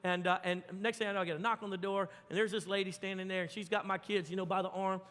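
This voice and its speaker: A man preaching a sermon as pastor, telling stories with big swings from loud to hushed. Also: high-pitched, flat delivery, fast talker. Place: church sanctuary. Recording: long hall reverb.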